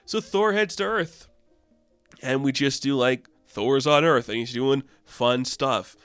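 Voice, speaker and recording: A chatty man rambles through a casual comic book review, his speech loose and full of fillers. His voice is mid-pitched, smooth and clear. The sound is dry and close to the mic. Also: slow, fairly bright tone, no echo, soft background music.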